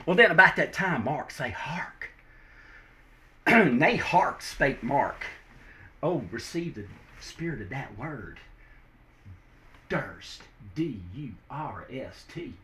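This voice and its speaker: Playful guy, fake southern drawl, highish voice, bouncy storyteller. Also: sing-song, measured pace, pauses often, fairly bright tone. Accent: put-on Southern US drawl. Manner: folksy, playful, hammy voice switching. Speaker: host and storyteller. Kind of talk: comic storytelling with put-on drawl.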